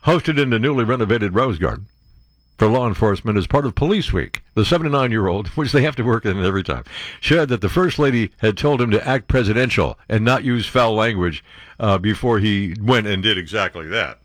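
A man hosting a talk radio show, reading the news and tearing into it with sarcastic, disbelieving asides. His pitch swings widely as he rants. The sound is dry and close. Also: fairly quick, dry recording. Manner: sarcastic, animated commentary with mock-incredulous outbursts. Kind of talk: reading and mocking news on air.

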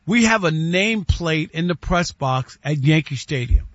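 A man co-hosting a sports radio show, talking in animated, playful banter. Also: on the high side, normal speed, no echo, dull audio. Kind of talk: casual sports radio chat.

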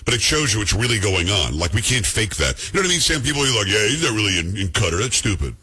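A middle-aged man hosts his talk radio show from the studio, talking fast and bantering loosely with quick jokes. His voice is bright with a slightly husky edge. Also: on the low side, sing-song. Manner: chatty, joking, quick asides.

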